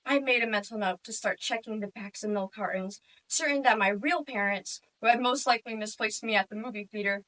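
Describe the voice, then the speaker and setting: Speaking briskly with hardly any pauses, a mid-range female student competitor delivers a comic story for humorous interpretation. Her narration is wry and deadpan, and she sounds far from the microphone.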